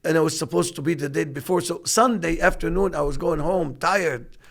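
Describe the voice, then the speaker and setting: A man in his fifties with a gravelly, fairly high voice tells a long business story. He is animated and acts out the voices of the people in it. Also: fairly quick. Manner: animated storyteller acting out quotes. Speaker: podcast co-host. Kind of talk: casual storytelling.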